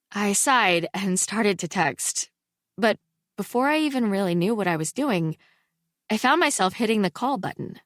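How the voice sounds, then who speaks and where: A woman narrating a first-person audiobook in an unhurried, expressive reading. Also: medium pitch, no room sound, studio quality. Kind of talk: scripted narration.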